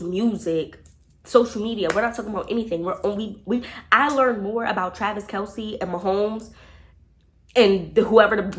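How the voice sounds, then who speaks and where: A young woman vlogger telling a dating story in casual chat, animated and profane, talking to her viewers as y'all. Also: mid-range voice.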